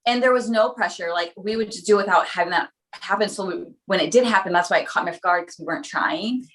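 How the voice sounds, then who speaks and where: Candid podcast guest, woman in her late thirties, mid-range voice, open and lively delivery. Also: mid-range voice, quick pace. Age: late 30s. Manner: open, frank and animated, laughs often. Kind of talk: candid conversational storytelling.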